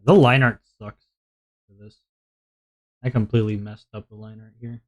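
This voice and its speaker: A man's voice: medium pitch, fairly even intonation, normal speed. A male streamer chatting casually to his viewers while drawing, rambling and poking fun at himself with frequent laughs. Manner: rambling and self-mocking, laughs often.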